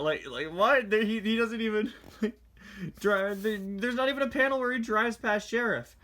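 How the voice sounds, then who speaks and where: A man reviewing a comic book adaptation in a casual, sarcastic, exasperated way, reading captions aloud in quick put-on voices. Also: high voice, sharp tone. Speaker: toy reviewer.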